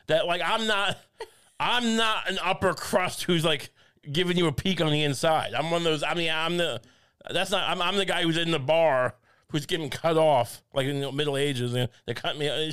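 A man riffing loosely on a podcast, his talk full of restarts and self-mocking asides. His voice is smooth and resonant and sits a little high for a man. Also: moderate pace, a bit bright. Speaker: podcast co-host. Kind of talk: casual comedic chat.

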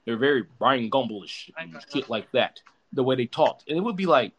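A young man hosts a casual podcast chat, his voice jumping around in pitch as he gets worked up. He swears freely and restarts his sentences as he pushes each point hard. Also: normal speed, few pauses. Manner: animated, profane, emphatic with many restarts. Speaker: podcast host.

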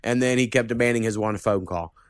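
A man's voice: fairly low pitch, fairly quick, clean tone, dry recording, studio quality. A young man hosting a podcast, telling rambling stories in casual chat, swearing a lot and laughing as he goes. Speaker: podcast host.

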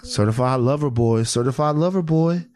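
A man's voice: medium pitch, moderate pace, darkish tone, dry recording. A man co-hosting a podcast in casual, jokey chat, breaking into bits and voices. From Southern US. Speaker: podcast co-host.

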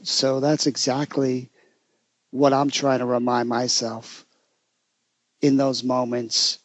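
A man, a therapist co-hosting a podcast, talking in a gentle, reflective way. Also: medium pitch, flat delivery, takes it slowly, no echo. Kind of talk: casual podcast conversation.

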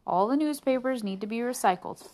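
A friendly old neighbor man with a folksy, chatty way of talking, voiced by a woman reading a picture book. Relaxed and kindly. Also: a little high, a little fast, pitched above the performer's own voice, natural voice.

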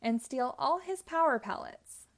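A woman's voice: high voice, expressive, a little slow, voice pushed up. A woman voicing bumbling, whiny male ghosts in a children's story. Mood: whiny scheming.

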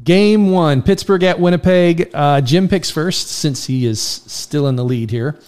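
A man co-hosting a casual sports podcast, leading the group through game predictions in an easygoing, measured way. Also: on the high side, a little mellow, clear, resonant tone. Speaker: podcast co-host running the predictions.

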